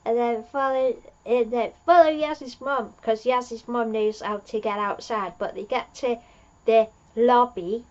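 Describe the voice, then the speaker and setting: A woman's voice: fairly high pitch, lo-fi sound. A woman recapping an episode in a rambling, chatty way, laughing at her own jokes. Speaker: fan reviewer.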